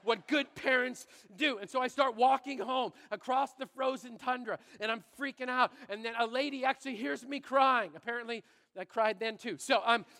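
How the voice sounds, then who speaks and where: A man from Canada, a pastor, giving a sermon through animated, exaggerated storytelling. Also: extremely high pitch, moderate pace, creaky, big-room sound. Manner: animated, exaggerated storytelling that turns quiet and earnest.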